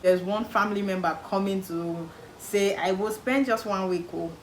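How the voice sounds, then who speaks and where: A woman's voice: medium pitch, normal speed. A young Nigerian woman with a Nigerian accent, giving casual advice to camera and acting out what relatives say with emphatic repetition. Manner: animated, acts out quoted relatives, emphatic repetition. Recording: echoey room with faint background noise.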